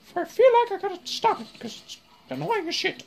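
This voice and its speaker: Mickey Mouse, squeaky falsetto. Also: female voice, very animated, a little fast, creaky, darkish tone, exaggerated voice. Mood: squeaky glee. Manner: very high falsetto, strained. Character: squeaky cartoon mouse impression, chirpy. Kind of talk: gaming commentary.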